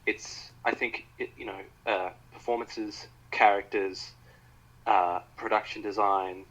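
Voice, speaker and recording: A man from Australia co-hosting a film podcast. He talks enthusiastically and haltingly, with many fillers and restarts. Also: lowish voice, steady tone, a bit bright, poor audio. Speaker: podcast co-host. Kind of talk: casual film review chat.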